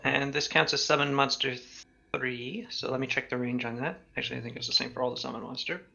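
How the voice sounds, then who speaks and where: A man acting as game master, calmly explaining rules and describing a monster. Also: mid-range voice, fast talker, gravelly. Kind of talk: running a tabletop game over voice chat.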